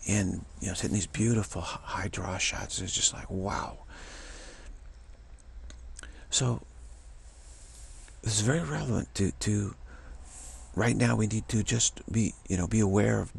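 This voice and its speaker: Low gravelly guy rambling thru a spiritual pep talk, lots of restarts. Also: darkish tone. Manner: rambling and repetitive, with halting restarts. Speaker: spiritual vlogger.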